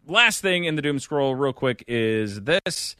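Male podcast co-host, bright and animated, wry banter, dry studio sound with soft music. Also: medium pitch, measured pace, clear, resonant tone, dry recording. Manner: animated, wry, trails off and restarts.

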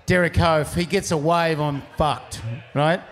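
A man's voice: on the high side, fairly even intonation, unhurried, fairly bright tone. A man telling a surf story casually, rambling with frequent restarts. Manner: rambling, restarts often, laughs through punchlines. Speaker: pro surfer telling a story.

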